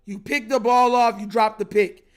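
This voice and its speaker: High-voiced man ranting on a livestream. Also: steady tone, moderate pace, faint music behind. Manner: frustrated, repetitive, slangy, says bro constantly. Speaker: livestream host reacting to a football game. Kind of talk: casual livestream rant.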